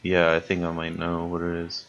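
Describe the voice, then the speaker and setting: A man's voice: low-pitched, completely flat delivery, fairly quick, a bit bright, muffled recording. A man hosting a casual podcast, laid-back and hesitant, laughing often. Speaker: podcast host. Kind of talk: casual chat.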